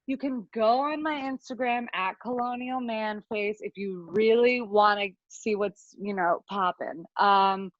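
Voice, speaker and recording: A woman's voice: mid-range voice, no room sound. Rambling woman telling a comic story. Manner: rambling, animated, quick asides. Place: home video call. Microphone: video call. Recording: dry, dull lo-fi video call audio.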